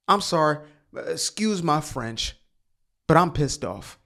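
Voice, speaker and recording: Heated male commentary host, somewhat high voice, preachy rant. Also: big pitch swings, a little slow, vocal fry, fairly bright tone. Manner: heated, preachy, swears, rhetorical questions.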